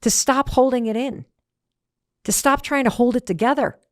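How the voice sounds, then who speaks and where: A woman's voice: sits high, normal speed, no echo, clean studio sound. A woman hosting a motivational talk, telling a story in an emphatic, conversational way. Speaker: host.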